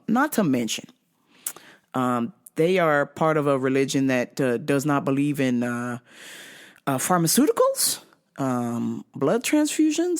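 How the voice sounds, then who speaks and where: A woman hosting a podcast, telling a comic story in an animated, profane way and laughing often. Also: sits low. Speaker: podcast host. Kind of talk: casual comedic storytelling.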